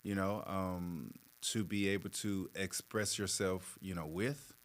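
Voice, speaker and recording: Low-voiced man explaining patiently. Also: steady tone. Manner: measured, explains patiently with many fillers. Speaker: therapist guest. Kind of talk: conversational explanation.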